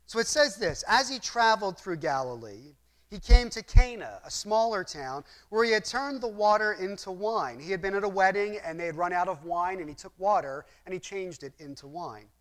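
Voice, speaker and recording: Male Bible teacher with a high-pitched voice, earnest and explanatory, asks questions of the listeners. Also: lively intonation, moderate pace, fairly bright tone. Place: room with a map display.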